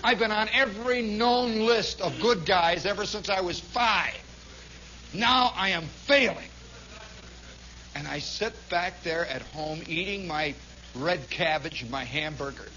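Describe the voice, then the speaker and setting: A man telling a long personal story as a radio monologue, animated, swinging from hushed to shouting. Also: sits high, a little slow, lo-fi sound, a little hiss or hum.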